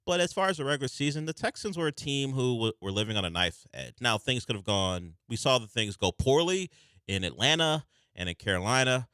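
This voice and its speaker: A man hosting sports talk radio, wry and animated, teasing his callers. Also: on the low side, clear, resonant tone, dry recording, clean studio sound.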